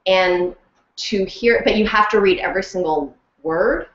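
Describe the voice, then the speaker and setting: A woman talking casually in an interview, chatty and animated, laughing often and full of fillers. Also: mid-range voice, a little slow, a little hiss or hum. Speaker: interview guest, audiobook narrator and actress. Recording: roomy, dull lo-fi sound.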